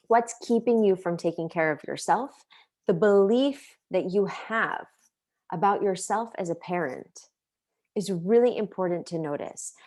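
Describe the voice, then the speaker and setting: A woman's voice: on the low side, darkish tone. A woman in her thirties teaching an online parenting class, earnest and full of questions, sharing personal stories. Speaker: parenting coach.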